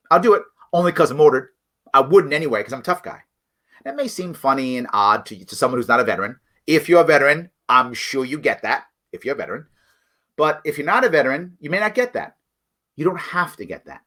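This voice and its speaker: A middle-aged man with a bright, forceful voice pitched a little high. He hosts a political commentary livestream and speaks bluntly and emphatically, addressing viewers directly. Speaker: political show host.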